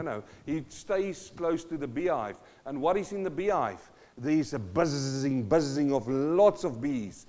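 Male pastor, slightly high voice, punchy sermon delivery, recorded muffled in a reverberant hall. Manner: animated preaching, rhetorical questions, swings between loud and hushed. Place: church.

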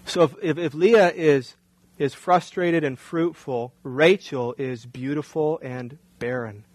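A man's voice: on the high side, slow pace, darkish tone, no room sound, poor audio. A male pastor preaching a sermon in a conversational way, often asking the congregation rhetorical questions.

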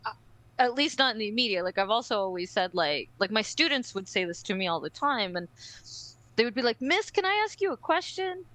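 Bright-voiced woman telling a story, lots of "like". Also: mid-range voice, brisk, no echo, rough recording. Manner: animated storytelling with frequent "like" and "right?"; swears casually. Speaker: podcast co-host. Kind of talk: casual podcast chat.

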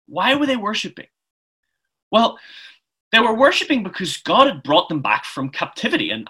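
Man, sermon, casual preaching, bright tone, fairly high voice. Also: slightly rough. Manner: chatty, informal preaching with frequent restarts.

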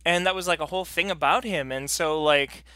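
Bright, lively man chatting casually. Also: fairly high pitch, brisk, smooth, dry recording, studio quality. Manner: animated, rambling, laughs often. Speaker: podcast co-host. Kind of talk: casual chat.

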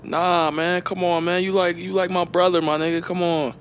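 A man's voice: sits high, little pitch movement, normal speed, slight background noise, lightly acted. A man playing a frightened young man who stammers and pleads for more time. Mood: pleading.

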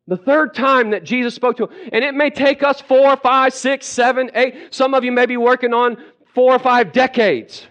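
A high-voiced male preacher gives an emphatic sermon, repeating key phrases and slowing down to dwell on scripture. The recording sounds dull and lo-fi. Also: fairly even intonation, fairly bright tone.

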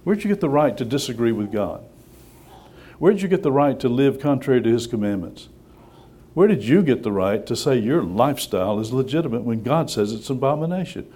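A man preaching a sermon, conversational and lively, firing rhetorical questions and acting out little voices. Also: mid-range voice, fairly quick.

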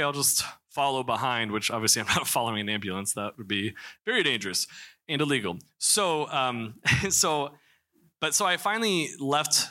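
A man's voice: medium pitch, sharp tone. A young man from Missouri telling a candid personal story to a church congregation, with many restarts and fillers. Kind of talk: personal testimony in a church talk.

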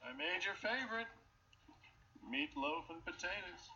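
An actor playing a gentle sitcom father coaxing his daughter, in muffled distant TV audio. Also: sits high, a little slow, vocal fry, a little hiss or hum, exaggerated voice. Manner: soothing, coaxing.

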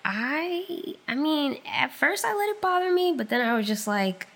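Gravelly-voiced woman chatting candidly. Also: high-pitched, normal speed. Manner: candid, animated storytelling with swearing. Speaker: podcast co-host. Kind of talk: casual chat.

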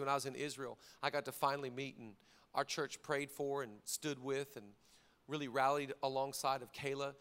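A man preaching a sermon as pastor, moving from hushed, intimate stretches to loud emphatic lines and acting out quoted dialogue. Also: medium pitch, level tone, moderate pace, clear, resonant tone. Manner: acts out dialogue in quoted voices.

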